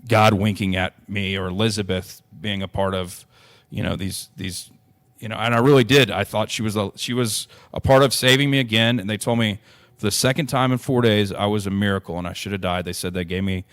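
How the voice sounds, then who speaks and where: A man, a guest on a podcast, recounts a personal story in an earnest, rambling way. He restarts his sentences often and leans on "you know". His voice sits a little low.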